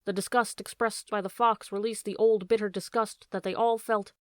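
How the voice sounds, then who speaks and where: A woman reads an animal story aloud in a measured, expressive way. Her voice sits in a middle pitch. The recording is dry and close, with no room echo. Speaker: audiobook narrator. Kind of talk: storybook narration.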